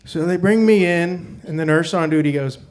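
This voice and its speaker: Male storyteller, middle-aged, self-mocking, drops quiet and low at painful moments; stage mic. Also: normal speed, a little hiss or hum. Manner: wry, self-mocking, dropping low and quiet on hard parts. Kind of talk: live personal storytelling. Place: stage before a live audience. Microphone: stage microphone.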